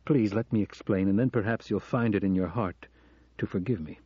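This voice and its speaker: Here is an earnest male professor in an audiobook, read by a man who confesses everything with self-deprecating candor. His mellow voice is heard up close and dry. The recording has a dull, lo-fi band. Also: lowish voice, fairly quick, husky, dry recording. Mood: confessing. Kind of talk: audiobook reading.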